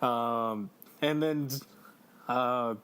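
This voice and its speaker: A man co-hosting a podcast in casual chat, excitable, swearing and laughing as he talks through a game. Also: mid-range voice, very slow, smooth. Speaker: podcast co-host.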